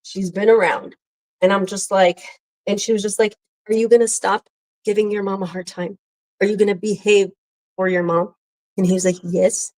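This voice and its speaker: A young adult woman in casual chat, telling a lively story and acting out the quotes. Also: medium pitch, normal speed, poor audio. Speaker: podcast co-host.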